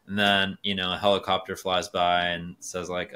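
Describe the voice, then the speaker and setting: A man's voice: sits low, monotone, normal speed, hardly any pauses, sharp tone, clean tone. A man in his twenties, a guest on a podcast, talking earnestly and philosophically with many fillers like "you know" and "like". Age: 20s. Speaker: guest, race car driver. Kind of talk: casual podcast conversation.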